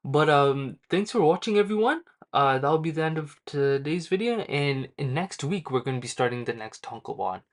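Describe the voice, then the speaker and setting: A man's voice: a little high, animated, normal speed, hardly any pauses. A young man casually recapping a manga chapter in a rambling, slangy way with lots of fillers. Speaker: manga reviewer.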